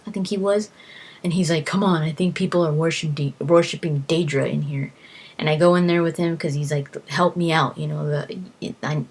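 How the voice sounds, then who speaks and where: A woman with a low-pitched voice casually tells stories from her game. She restarts her sentences often and acts out her own exclamations, and she sinks into a whisper when things get spooky. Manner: animated, acts out exclamations, many fillers and restarts. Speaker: gamer recounting quests. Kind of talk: casual storytelling vlog.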